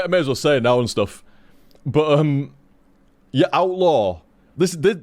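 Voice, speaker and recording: A man's voice: medium pitch, darkish tone. A man chatting casually on a game stream, rambling and swearing, tripping over his words.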